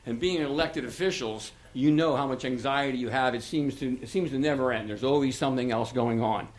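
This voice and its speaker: A man's voice: medium pitch, fairly quick. An older man, a local author, speaking informally at a township meeting in a rambling, chatty way with many restarts and asides. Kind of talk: informal public remarks at a meeting. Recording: echoey meeting room.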